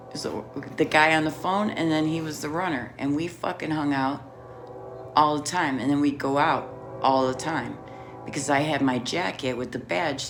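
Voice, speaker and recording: A middle-aged woman telling a rambling personal story in a casual, profane way, laughing often. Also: low-pitched. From Chicago area.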